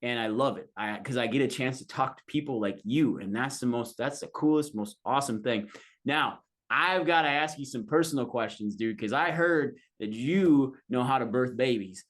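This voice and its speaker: A man's voice: mid-range voice, moderate pace, fairly bright tone. Enthusiastic male podcast host. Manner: enthusiastic, chummy. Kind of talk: casual interview.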